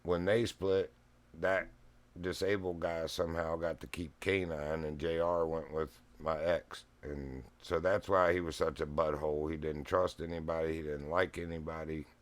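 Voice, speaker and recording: A man's voice: extremely low pitch, little pitch movement, moderate pace. A middle-aged man telling a rambling, folksy story at home, often laughing. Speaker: streamer. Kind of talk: casual storytelling chat. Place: home living room. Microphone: streaming mic.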